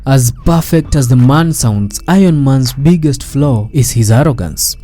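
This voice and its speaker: A man's voice: medium pitch, unhurried, mellow, faint music behind. A man reading a scripted commentary voice-over in a wry, dramatic storytelling manner. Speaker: narrator.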